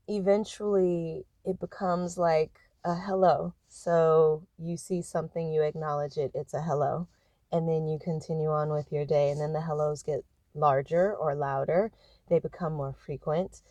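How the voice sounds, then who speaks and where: A woman speaking in a reflective personal monologue, thoughtful and unhurried, pausing often to find her words. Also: deep voice, warm tone, no room sound. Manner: thoughtful, unhurried, with frequent hesitations.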